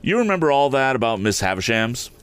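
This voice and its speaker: A man's voice: medium pitch, sing-song, fast talker, a bit bright, clean tone, pitched above the performer's own voice. A timid young boy, earnest and ashamed, pleads in a hesitant, lifted voice, as a man reading a story puts him on. The voice swoops up and down with feeling. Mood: anxious, pleading.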